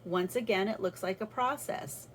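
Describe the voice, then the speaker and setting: A woman's voice: medium pitch, normal speed, slight background noise, poor audio. A woman talking through a personal faith reflection in a casual, earnest way, with restarts as she thinks aloud. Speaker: vlogger sharing a faith reflection.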